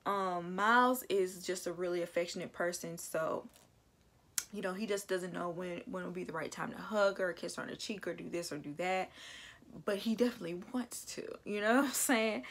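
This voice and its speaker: A woman casually reviewing a reality TV episode, opinionated and animated, acting out quotes in voices. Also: on the low side, normal speed. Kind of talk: casual recap commentary.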